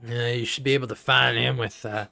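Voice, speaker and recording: Guy doing a gruff scottish guard, short and teasing, faint music behind. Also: mid-range voice, steady tone, brisk, sharp tone, pitched below the performer's own voice. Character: gruff male camp guard, blunt and wary.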